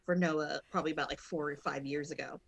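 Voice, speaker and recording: Co-hosting a wrestling podcast as a guest, a woman with a low, gravelly voice chats fast and casually. Her talk wanders, packed with fillers and false starts, punctuated by occasional loud shouts of excitement. The recording is dull.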